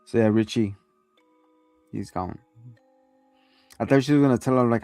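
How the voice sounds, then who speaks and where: A man's voice: medium pitch, normal speed, darkish tone, no room sound, faint music behind. A man hosting a show, giving a rambling, profane, casual recap of a TV episode and acting out lines. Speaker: show host reviewing a TV episode.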